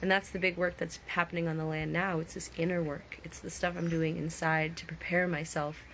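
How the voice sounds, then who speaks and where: A woman with a lowish voice chats to her viewers in a loose, reflective way, greeting them by name as she goes. A faint hum of ambient noise sits under her voice. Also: little pitch movement, a little fast, a bit bright. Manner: chatty, reflective, reads viewer names aloud. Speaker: vlogger. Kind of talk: casual live-stream chat.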